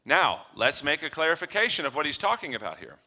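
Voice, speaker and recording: A man preaching a sermon, shifting between quiet low passages and loud emphatic ones, acting out little dialogues with humor. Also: big pitch swings, fast talker. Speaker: pastor.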